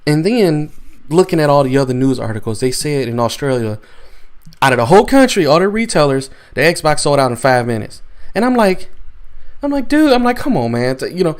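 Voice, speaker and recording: A man's voice: fairly high pitch, big pitch swings, fairly quick. Rambling man venting on a podcast. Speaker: podcast co-host. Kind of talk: casual chat.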